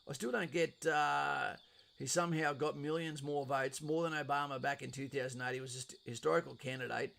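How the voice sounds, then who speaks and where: A middle-aged Australian man hosting a live stream, his voice carrying a gravelly, creaky edge. He talks bluntly and casually, swearing freely as he reads viewers' comments aloud and responds. His pitch sits in an ordinary middle range for a man. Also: fairly bright tone. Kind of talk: casual live stream, reading and answering chat.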